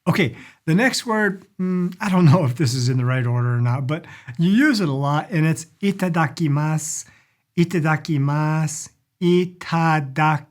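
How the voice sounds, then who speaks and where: A man with a slightly raised speaking pitch teaches in a relaxed, friendly way. He often slows down to repeat words for learners before going on. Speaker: language and culture teacher. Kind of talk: casual instructional talk.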